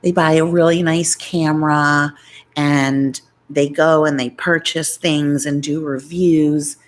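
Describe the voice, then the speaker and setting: A low-voiced woman from New York chats away on a roughly recorded live stream she hosts as a YouTuber. She's casual and rambling, jumping from one topic to the next.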